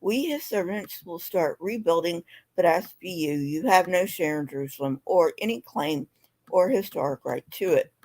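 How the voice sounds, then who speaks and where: A woman's voice: fairly low pitch, lively intonation, a little mellow. A sleepy, yawning woman with a slightly sore throat, reading scripture aloud on a live stream and then signing off in loose, chatty talk. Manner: plain and unhurried, drops into loose chatty fillers.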